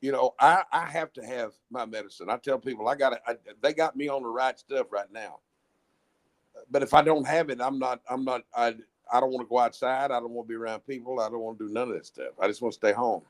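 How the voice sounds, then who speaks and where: A man's voice: medium pitch, fast talker. A man telling stories in a rambling, blunt way, often restarting his sentences. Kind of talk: casual storytelling chat.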